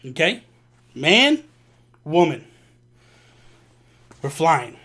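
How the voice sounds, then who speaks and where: Bright-voiced animated man telling a story. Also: a little high, drawn-out words. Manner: animated, with casual slang and acted asides. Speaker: vlog host. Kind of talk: storytelling to camera.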